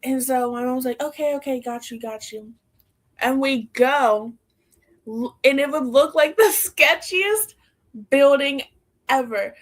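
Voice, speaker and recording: Unhurried and high-voiced, a young woman co-hosts a casual podcast chat. She laughs a lot as she talks and leans heavily on "like."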